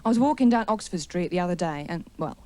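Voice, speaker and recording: A woman's voice: lowish voice, expressive, quick pace, a little mellow. A woman doing a wry, chatty stand-up comedy routine in a TV studio, with an audience laughing.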